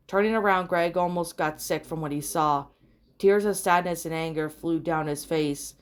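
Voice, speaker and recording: A woman reading fan fiction aloud in a steady, plain storytelling manner, with small slips and rereads. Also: fairly low pitch, a little hiss or hum. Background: soft background music.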